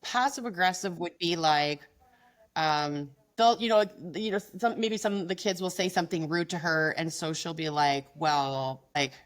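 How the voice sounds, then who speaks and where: A middle-aged woman talking bluntly and emphatically in a casual interview, quick and frank, slipping into mocking quoted voices. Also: lowish voice. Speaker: guest, business founder.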